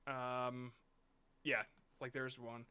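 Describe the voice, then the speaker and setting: A man's voice: medium pitch, little pitch movement, very slow, over loud music. A man hosting a live stream, reviewing viewer shorts in blunt, rambling casual talk with some swearing.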